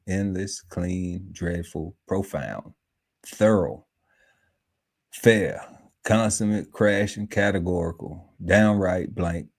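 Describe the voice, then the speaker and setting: This is a man with a very low voice who takes his time, unhurried and drawn out. He reads a list of words aloud on a relaxed podcast panel. He stops to muse over them and laughs along the way. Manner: slow, musing list-reading broken by laughter and asides. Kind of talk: casual podcast chat, reading word lists aloud.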